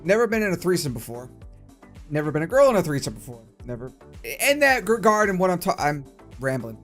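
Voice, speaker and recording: Young male gaming host, casual ranting commentary, lots of swearing, slightly high pitch. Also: big pitch swings, a little fast, a bit bright, soft background music. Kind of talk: casual let's play commentary.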